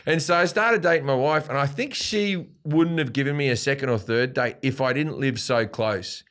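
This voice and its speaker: An Australian man, a comedian guest, telling a profane anecdote in an animated way and acting out quotes. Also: mid-range voice, normal speed. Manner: animated, swearing freely, acts out quotes.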